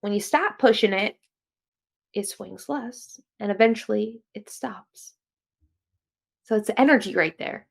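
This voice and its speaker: A young woman with a New Jersey accent hosts a casual self-help podcast, rambling and chatty, often correcting herself. Her voice is medium-pitched and gravelly, and she speaks at a measured pace with frequent pauses.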